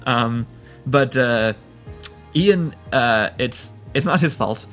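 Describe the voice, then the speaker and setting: A man's voice: mid-range voice, animated, slow pace, fairly bright tone, soft background music. Wry man telling an anecdote. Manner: wry, laughs while telling. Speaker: podcast co-host. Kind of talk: casual storytelling chat.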